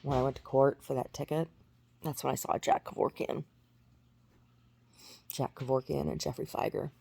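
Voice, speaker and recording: A woman's voice: extremely low pitch, level tone, moderate pace, creaky, dark tone, husky. A woman in her forties talking through a rambling personal story, full of restarts and fillers. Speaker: vlogger. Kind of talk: casual storytelling monologue.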